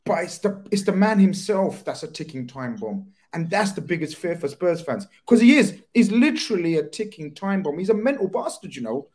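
High-voiced, blunt man. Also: normal speed, hardly any pauses. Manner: blunt, sweary, animated banter. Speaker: football podcast panelist. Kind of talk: casual chat.

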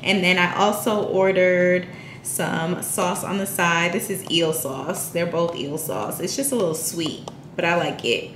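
A woman's voice: lowish voice, unhurried, roomy sound, background noise. A young woman chatting casually to camera in a home vlog, playful and full of slang. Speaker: vlogger. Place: at home, indoors.

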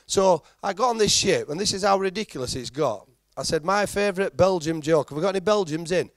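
A man's voice: sits high, lively intonation, fast talker, no echo, studio quality. A middle-aged man with a Yorkshire accent doing a chatty, self-deprecating stand-up routine and teasing the crowd. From Halifax, England. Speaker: stand-up comedian.

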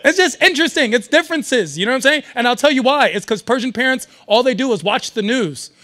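A young man doing a stand-up comedy set at a live event, animated and riffing with the audience. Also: very high voice, fast talker. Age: young adult.

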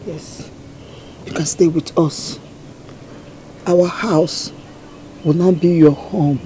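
Motherly middle-aged woman, Nigerian accent, low slow voice, music under. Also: fairly even intonation, mellow, a little hiss or hum. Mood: soothing. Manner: soothing, motherly. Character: kind middle-aged mother taking in an orphan. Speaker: kindly mother. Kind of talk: Nollywood film acting.

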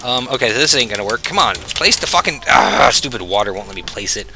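A man's voice: mid-range voice, expressive, fast talker, background noise. A man casually commenting on his own gameplay as a channel host, chatty and self-mocking, swearing freely.

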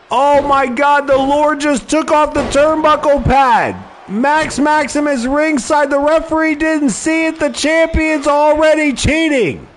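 A man giving excited play-by-play commentary on a wrestling video game, often shouting exclamations. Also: extremely high pitch, a little hiss or hum.

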